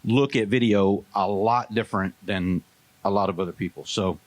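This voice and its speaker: Relaxed man opening a talk. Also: on the low side, moderate pace. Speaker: conference speaker.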